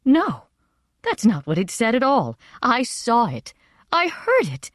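A woman voicing an excitable queen and mother who exclaims in a high, rushed voice. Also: no echo, studio quality, heavily acted. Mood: insistent. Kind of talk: audiobook character voice.

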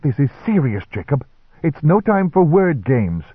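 A man's voice: on the high side, sing-song, unhurried, breathy edge, no room sound, voice pushed up, exaggerated voice. Man doing a stern, preachy reverend. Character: earnest male reverend, stiff and reproving. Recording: dry, tinny narrow-band recording.

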